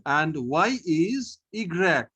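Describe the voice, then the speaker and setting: Slow, patient man teaching French letters. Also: fairly high pitch, very animated, sharp tone, breathy edge. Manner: slow, patient, repeats each sound, often says okay. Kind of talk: online language lesson.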